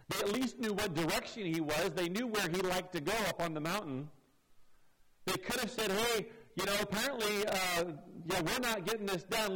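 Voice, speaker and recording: A man's voice: sits high, low-quality recording. A man preaching a sermon, reading scripture verse by verse and acting out the voices of the people in it. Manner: expository preaching, acts out quoted voices. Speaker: pastor.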